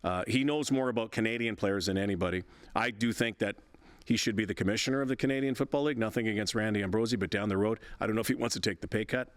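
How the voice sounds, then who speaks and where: A man's voice: on the low side, quick pace, dry recording. A man in his sixties, a veteran broadcaster and interview guest, telling stories in a chatty, rambling way with frequent laughs and restarts. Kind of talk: casual interview storytelling.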